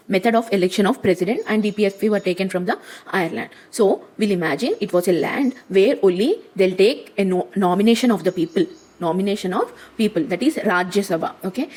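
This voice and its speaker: A woman teaching a study lesson full of memory tricks. She repeats each point several times and keeps checking in with short "okay?" and "right?" tags. Her voice sits at an ordinary middle pitch. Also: a little mellow, slight background noise, low-quality recording.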